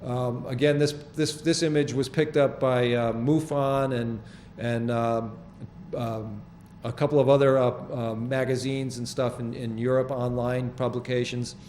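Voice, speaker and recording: An older man hosting a small public-access TV show, explaining his photographs in halting, rambling, earnest talk from the studio. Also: medium pitch, flat delivery, a little mellow, slight background noise. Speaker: show host presenting his sky photographs.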